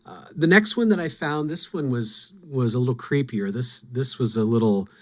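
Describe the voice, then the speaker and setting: A man of middling pitch talks through fantasy game lore as a podcast host. His delivery is casual and musing. He is quick to poke fun at himself over what he does not know. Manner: musing, self-deprecating.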